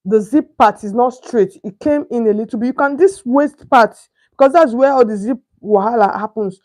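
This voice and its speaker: A woman's voice: fairly high pitch, moderate pace, darkish tone. A young Nigerian woman demonstrating pattern cutting step by step, chatty, often stopping to ask if viewers can see and searching for the right word. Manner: chatty, keeps asking "can you see?", searches for words. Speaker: sewing instructor. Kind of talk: step-by-step tutorial.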